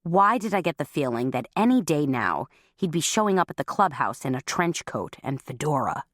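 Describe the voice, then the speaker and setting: A woman's voice: deep voice, big pitch swings, moderate pace, no echo, clean studio sound. A woman reading a humorous cozy mystery audiobook in a wry, conversational first-person voice. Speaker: audiobook narrator.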